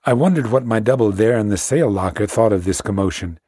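A man narrating a classic sea story in a measured, hushed storytelling manner. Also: fairly low pitch, breathy edge, no room sound, studio quality. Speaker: audiobook narrator.

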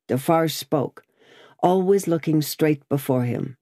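Low-voiced woman reading an audiobook. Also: animated, unhurried, warm tone, no room sound, studio quality. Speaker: narrator. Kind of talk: audiobook reading of a classic novel.

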